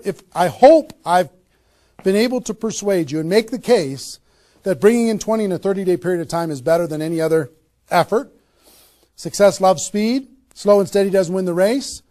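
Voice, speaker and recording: Man, high-pitched trainer voice, punchy motivational delivery, rhetorical questions, live room talk. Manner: energetic, emphatic, asks rhetorical questions. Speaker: network marketing trainer. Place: room with a small live audience.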